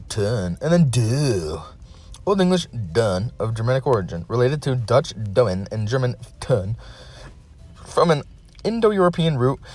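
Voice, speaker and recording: A man hosting a casual solo video, reading dictionary definitions aloud and breaking off now and then to complain. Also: medium pitch. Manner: reads definitions flatly, breaks off to complain and laugh.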